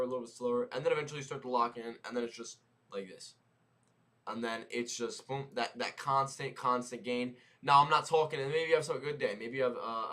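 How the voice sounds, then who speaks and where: A young man on a live trading stream, teaching in a loose, slangy way, repeating himself and tossing in "right?" and "boom". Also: fairly bright tone. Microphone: headset mic.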